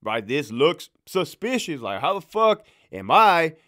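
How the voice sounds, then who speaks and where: A man's voice: a little high, measured pace. A man and former prison officer telling a casual, profane story, laughing as he goes. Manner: animated, profane, laughing as he tells it.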